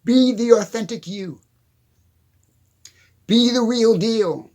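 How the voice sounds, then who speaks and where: A man's voice: very high-pitched, slow pace, a little mellow. Emphatic, repetitive motivational man. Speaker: motivational speaker. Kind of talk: motivational monologue.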